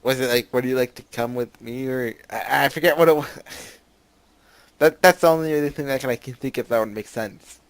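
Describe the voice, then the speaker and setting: A man's voice: medium pitch, fairly quick, dry recording. A man hosting a let's play, reading game text aloud with commentary, laughing often and reading character lines with playful emphasis. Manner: laughs often, bursts into loud excited reactions.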